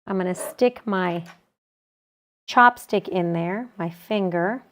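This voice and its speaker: A woman calmly explaining a quilting technique step by step as she works with her hands. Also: on the low side, slow, a little hiss or hum. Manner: calm, practical, talks while working with her hands. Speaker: quilting instructor. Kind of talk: step-by-step sewing tutorial.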